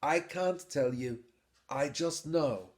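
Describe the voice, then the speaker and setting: A man voicing a gentle, patient middle-aged man speaking earnestly. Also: fairly high pitch, slow.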